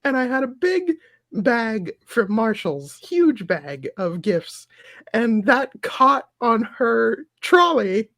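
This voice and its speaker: A man with a notably high voice tells a story on a podcast, laughing as he goes. He speaks close to the mic, and the sound is dry with no room echo. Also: slow. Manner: laughs through his own story, animated. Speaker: podcast guest. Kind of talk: casual storytelling.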